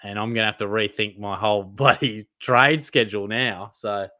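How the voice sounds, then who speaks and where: Laid-back Aussie bloke answering chat. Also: male voice, lowish voice, steady tone, moderate pace, pushed and bright, no echo. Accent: Australian. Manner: laid-back, blokey, calls viewers mate. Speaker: fantasy football live stream host. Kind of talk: casual live Q&A reading chat questions.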